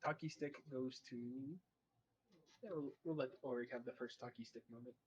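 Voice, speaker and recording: A man's voice: medium pitch, fairly even intonation, normal speed, dull audio. Man casually narrating as game master. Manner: loose, filler-heavy, casual.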